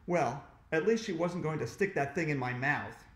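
A man's voice: fairly high pitch, moderate pace, reverberant. Man reading a storybook aloud. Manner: animated, expressive reading. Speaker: author reading to children.

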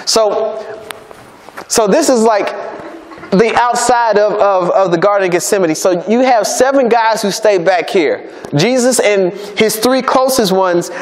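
A man with a high-pitched voice preaches in a loose, conversational way, tossing "right?" to the room. His voice rings out with the long reverb of a large church hall. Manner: chatty, keeps checking in with "right?". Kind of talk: casual conversational sermon.

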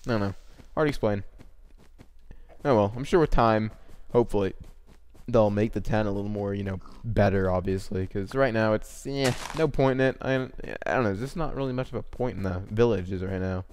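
A young man casually commentating his own video game play, rambling and breaking into quick excited exclamations. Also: lowish voice.

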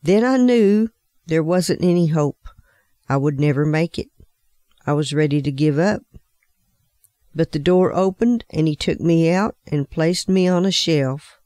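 A woman voicing a talking teacup that was once clay, telling its story slowly. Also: sits low, mellow, dry recording, clean studio sound. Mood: recounting.

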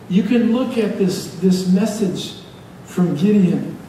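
A man preaches from the pulpit with a mellow, somewhat higher voice, mixing jokes with fervent urging. He stands well back from the mic in a church hall that rings with heavy echo, and a faint hiss sits under the recording. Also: slow pace, hardly any pauses, distant mic. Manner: lively, joking, exhorting. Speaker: pastor. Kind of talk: preaching a sermon. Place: church sanctuary.

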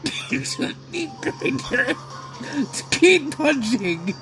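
A man giving excited gameplay commentary, yelling, laughing and pleading with his opponents as he plays. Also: extremely high pitch, slow, music in the background. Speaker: gaming video creator.

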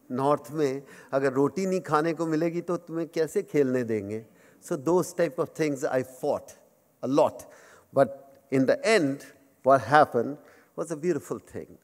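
A man in his fifties with an Indian accent is the guest speaker at a memorial lecture, joking about himself as he addresses a live audience in simple English mixed with Hindi. His medium-pitched voice is a little mellow and measured in pace. A long reverb fills the large lecture hall.

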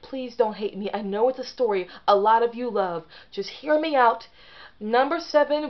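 Chatty woman doing a review vlog, fairly high voice, kinda dull lo-fi audio. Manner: chatty, earnest, lively with self-corrections. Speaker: video host ranking episodes. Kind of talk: casual talking-head review. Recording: dull lo-fi sound.

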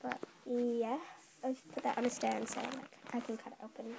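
A woman's voice: on the high side, brisk, vocal fry, background noise. A teenage girl unboxing a package, giddy, exclaiming and laughing again and again. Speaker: vlogger. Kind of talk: unboxing video. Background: plastic crinkling.

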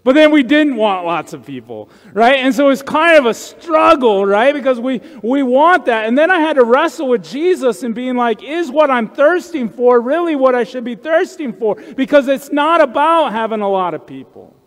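A man's voice: very high-pitched, expressive, moderate pace, few pauses. A male pastor preaching a conversational sermon, often checking in with the congregation with asides. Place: church sanctuary. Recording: church sanctuary with long reverb.

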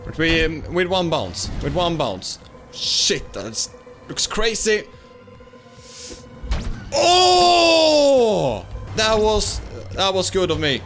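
A young man giving excitable let's-play commentary, laughing and shouting at wins and fails. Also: on the high side, measured pace, music in the background. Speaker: gaming YouTuber.

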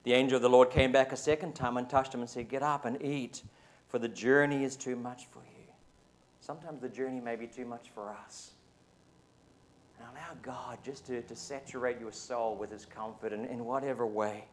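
New Zealand pastor preaching conversationally. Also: male voice, mid-range voice, fairly even intonation, moderate pace. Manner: conversational, often asks the congregation "right?". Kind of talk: sermon. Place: church service.

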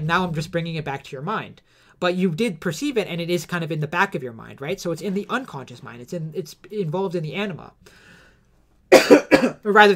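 A man lectures without a script, fairly high-pitched for a man. He hesitates and restarts his sentences often, with fillers throughout. A slight cough hangs on his voice. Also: fairly bright tone. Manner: hesitant, many fillers and self-corrections. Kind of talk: unscripted explanatory lecture.

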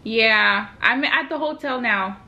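A woman's voice: fairly high pitch, gravelly, bright, forceful tone, highs cut off. A young woman vlogging from a hotel room while telling a story to family on a phone video call. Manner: chatty storytelling, quick laughs. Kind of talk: casual video call chat.

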